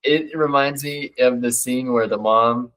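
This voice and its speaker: A man hosts a casual podcast interview and asks curious questions. He reacts quickly to what his guest says. His mid-pitched voice is recorded dry and close. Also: a bit bright, no echo, poor audio. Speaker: podcast host.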